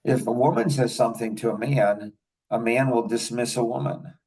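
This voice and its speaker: A man's voice: mid-range voice, steady tone, moderate pace, darkish tone, slightly rough, distant mic, poor audio. An older man hosting a podcast, telling rambling anecdotes in casual chat and chuckling often. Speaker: podcast host.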